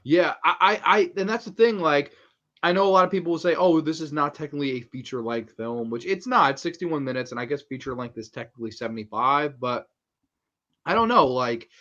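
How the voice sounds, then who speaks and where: A man's voice: fairly high pitch, fairly quick, sharp tone, muffled recording. A man hosting a casual horror movie review chat, enthusiastic and laughing as he retells scenes, swearing freely. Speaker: horror movie podcast host.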